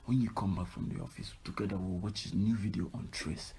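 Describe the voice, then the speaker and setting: A man's voice: sits low, steady tone, brisk, a little mellow. Brash Nigerian man, echoey room. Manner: brash, profane, playful. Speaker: musician. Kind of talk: casual vlog advice.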